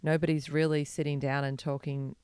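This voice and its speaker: Frank Australian woman, smooth and even. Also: low-pitched, a little fast, no echo. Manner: earnest and frank, speaking at length. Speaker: podcast guest. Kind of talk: candid interview conversation.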